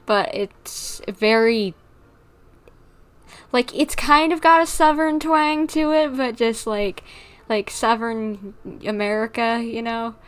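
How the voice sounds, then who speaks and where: A young woman streaming a video game, gushing and giggling over the characters. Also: medium pitch. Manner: giggly, gushing fan chatter. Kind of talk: live game commentary.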